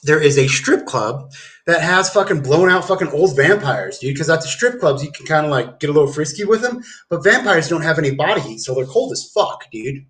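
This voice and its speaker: Man, fairly high voice, livestream rant, rambling, heavy swearing, casual. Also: animated, fairly quick, fairly bright tone. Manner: rambling, profane, keeps saying dude.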